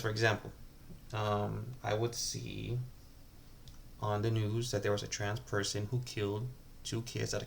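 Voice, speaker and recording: A man's voice: fairly low pitch, vocal fry, a little hiss or hum. A man talking casually to camera at home in a rambling, hesitant confessional, restarting sentences often. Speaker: vlogger.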